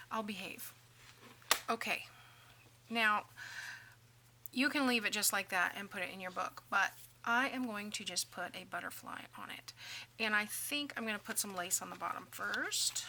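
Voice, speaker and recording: A woman hosting a casual crafting tutorial, chatting and joking at herself, dropping to soft mutters while she works. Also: medium pitch, normal speed, long pauses, noisy background. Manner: chatty, self-deprecating, mutters softly while working.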